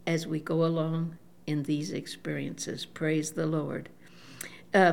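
An elderly woman giving a devout sermon, unhurried, often saying praise the Lord and pausing with fillers. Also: mid-range voice, darkish tone. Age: older. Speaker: preacher.

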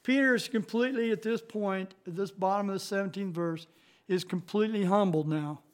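High-voiced man teaching the Bible. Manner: plain-spoken, halting, with restarts and fillers; reads scripture slowly, rising louder on key verses.

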